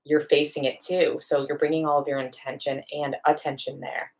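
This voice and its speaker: A woman dog trainer giving a practical, step-by-step lesson in a live online question-and-answer session, with quick acted-out asides. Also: low voice, level tone.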